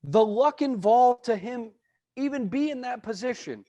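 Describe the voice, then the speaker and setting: Male podcast co-host, high voice, blunt opinionated sports talk. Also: expressive, moderate pace, mellow, no room sound. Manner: opinionated, emphatic ranting. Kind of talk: casual sports chat.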